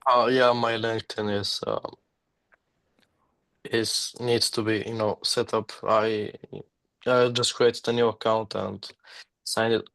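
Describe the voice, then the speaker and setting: A man on a group call as a trainee, hesitant and halting, with many fillers. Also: on the low side, level tone, vocal fry, fairly bright tone, dry recording.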